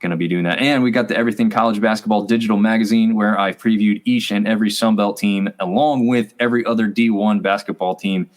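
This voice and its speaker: A man's voice: on the low side, steady tone, fast, few pauses. A man co-hosting a college sports review show, chatting casually and rambling with fillers. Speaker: co-host.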